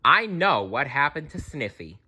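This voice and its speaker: A man's voice: medium pitch, sing-song, a little slow, bright, forceful tone, slightly rough, voice pushed up, exaggerated voice. A man doing a pompous bumbling detective. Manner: grand and self-important.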